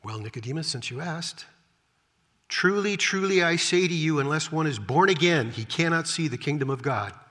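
A man's voice: fairly high pitch, lively intonation, normal speed, sharp tone. A man voicing a patient, firm teacher. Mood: matter-of-fact. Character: calm grown male teacher, patient and firm. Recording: long hall reverb.

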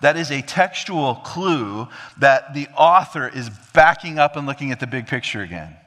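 A man preaching an expository sermon, swinging from emphatic high peaks to low, quiet drops and acting out quoted dialogue. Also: animated, moderate pace, long reverb tail. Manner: acts out quoted dialogue of God and king. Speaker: pastor.

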